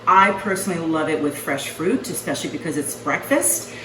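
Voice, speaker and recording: A woman's voice: fairly low pitch, echoey room, distant mic, background noise. A middle-aged woman chatting casually as she demonstrates a recipe at home, folksy and talkative. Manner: chatty, folksy, says okay often. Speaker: home cooking vlogger. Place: home kitchen.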